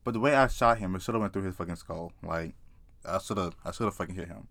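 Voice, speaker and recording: A man casually telling a story to camera, profane and excitable, often laughing. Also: low voice, fast, dry recording. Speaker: vlogger.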